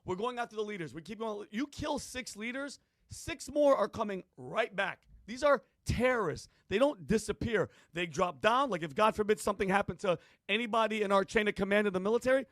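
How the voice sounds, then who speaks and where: Panelist, male, high dry voice, loose and rambling. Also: animated, fairly quick, hardly any pauses, fairly bright tone, dry recording. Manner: rambling, restarts, casual slang. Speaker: podcast panelist. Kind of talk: heated podcast discussion.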